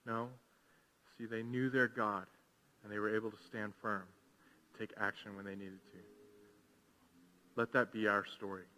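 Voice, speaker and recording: A man preaching a sermon as pastor, swinging from hushed, slow passages to loud, fervent calls to the congregation. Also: on the low side, level tone. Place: large church hall. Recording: long hall reverb.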